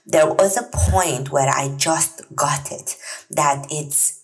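Low-voiced woman hosting a chatty podcast. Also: slow, rough recording. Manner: chatty and earnest, many fillers and soft laughs. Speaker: podcast host. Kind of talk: solo podcast monologue.

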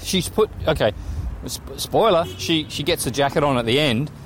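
A man's voice: a little high, expressive, moderate pace. Laid-back swearing man on a city street. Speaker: film discussion co-host. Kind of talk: casual chat while walking. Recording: street noise from passing traffic. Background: traffic noise.

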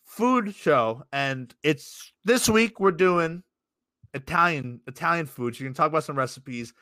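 Bright-voiced rambling jokey male host. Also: fairly high pitch, expressive, a little slow, no room sound, studio quality. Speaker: podcast host. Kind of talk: casual podcast interview.

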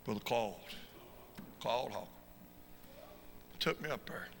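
A man preaching a fervent sermon as an evangelist, swinging from shouted peaks to quiet storytelling. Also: mid-range voice, takes it slowly, gravelly. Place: church sanctuary. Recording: reverberant church hall with faint noise.

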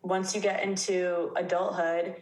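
A woman's voice: lowish voice, flat delivery, measured pace. A young woman in her twenties co-hosting a podcast, chatting casually and rambling through lists of reasons. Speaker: podcast co-host. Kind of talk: casual chat. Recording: echoey room with faint ambience.

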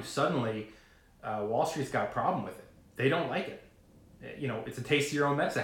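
A man's voice: medium pitch, brisk. Rambling man in an echoey room. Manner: rambling, animated, swears casually. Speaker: retail investor vlogger. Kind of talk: casual talk to camera.

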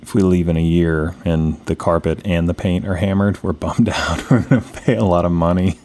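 A man's voice: low-pitched, steady tone, moderate pace, a little mellow. A man co-hosting a casual podcast, making dry joking asides and swearing casually. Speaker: podcast co-host. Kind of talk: casual chat.

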